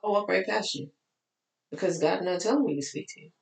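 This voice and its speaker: A woman's voice: fairly low pitch, fairly quick, gravelly, echoey room, low-quality recording. Tired, candid Texas woman life coach. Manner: candid, chatty, preachy asides. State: tired, voice cracking. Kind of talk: casual talk to followers.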